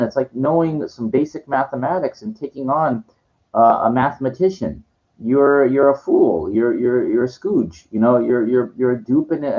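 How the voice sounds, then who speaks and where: A man ranting at a viewer in a condescending, lecturing way, stumbling and restarting his sentences. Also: medium pitch. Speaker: vlogger answering viewer comments. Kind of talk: ranting monologue to camera. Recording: dull lo-fi sound.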